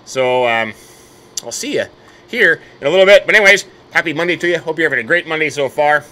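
Middle-aged man, bright tone, rambling upbeat gameplay chatter. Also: a little high, expressive, quick pace. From United States. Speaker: host. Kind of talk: casual gameplay commentary.

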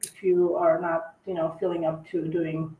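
A woman co-hosting a live cookie-decorating tutorial, chatting in a halting way with lots of fillers and restarts. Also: on the low side, level tone, echoey room, phone-quality sound, slight background noise. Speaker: cookie decorating livestream co-host. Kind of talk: casual tutorial chat while decorating.

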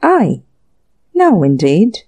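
Woman narrator voicing a calm skeptical young girl, soft pretty voice, dry and cool, mellow tone, audiobook reading. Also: medium pitch, very slow, husky, heavily acted.

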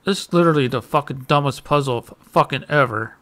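A man's voice: mid-range voice, quick pace, fairly bright tone, slight background noise. Profane, frustrated young male gamer. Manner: frustrated, swearing constantly, muttering. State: angry. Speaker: gaming channel host. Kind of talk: let's play commentary.

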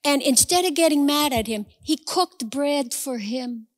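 A woman's voice: high voice, lively intonation, unhurried, long reverb tail. A woman preaching a sermon, telling a story conversationally with humorous asides.

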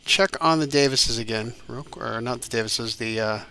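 A man talking through a video game session in a casual, rambling way, thinking out loud and stopping to restart his sentences. His voice has a bright, forward tone at an ordinary middle pitch. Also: normal speed, slight background noise. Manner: rambling, thinks aloud with many fillers. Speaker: gaming YouTuber. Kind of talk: let's play commentary.

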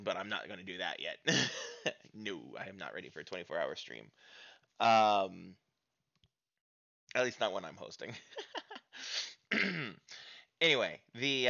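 An American man chats casually at the end of a stream, rambling, with many fillers and restarts. His voice sits a little low but has a bright, forward edge. The audio is dull and lo-fi. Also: vocal fry. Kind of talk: casual stream outro chat.

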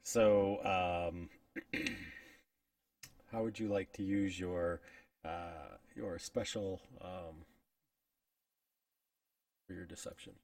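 Hesitant male game master, low voice. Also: steady tone, extremely slow, long pauses, a little mellow, no room sound. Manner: hesitant, many fillers. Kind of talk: narrating a tabletop game. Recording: distant mic, dry with faint music.

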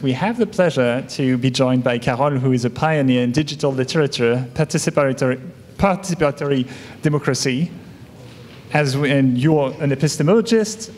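A man's voice: mid-range voice, a little mellow, a little hiss or hum. Man introducing a conference in a reverberant hall. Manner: hesitant, with many filler sounds. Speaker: conference host. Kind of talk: event introduction.

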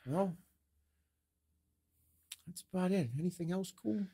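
A man co-hosting a podcast, chatting casually and telling animated, profanity-heavy stories about his family. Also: high-pitched, unhurried, breathy edge. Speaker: podcast co-host. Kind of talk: casual chat.

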